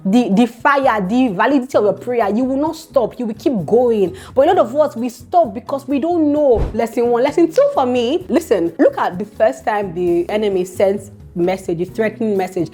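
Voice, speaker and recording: Animated woman retelling a Bible story. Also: a little high, moderate pace, faint music behind. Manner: animated, exclaiming, preacherly asides. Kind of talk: casual devotional teaching.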